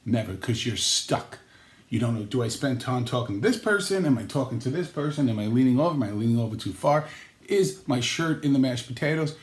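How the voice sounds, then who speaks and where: Man, vlog host, jokey and rambling, mid pitch, roomy echo. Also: expressive, fairly quick. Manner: jokey, rambling, acts out quotes with pitch jumps. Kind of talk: comedic vlog monologue.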